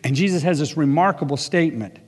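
High-voiced preacher in a reverberant hall. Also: male voice, fast, breathy edge. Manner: earnest preaching with conversational asides. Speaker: pastor. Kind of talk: sermon.

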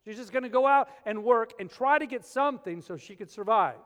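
A man with a high-pitched voice delivers a sermon from the pulpit. He tells humorous, animated stories that build into the teaching. The sound rings out with the long reverb of a large hall. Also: normal speed. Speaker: pastor.

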